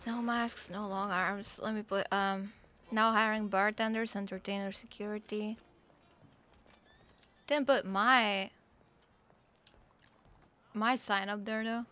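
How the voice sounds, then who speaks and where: A woman streamer chatting casually between roleplay scenes, frank and unhurried, swearing freely. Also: medium pitch, steady tone, sharp tone.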